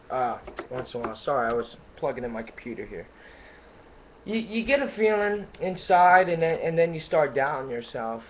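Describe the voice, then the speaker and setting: A man giving an unscripted motivational talk to camera, hesitant and full of fillers and restarts, with bursts of excitement. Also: medium pitch, muffled recording, slight background noise. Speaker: self-help vlogger.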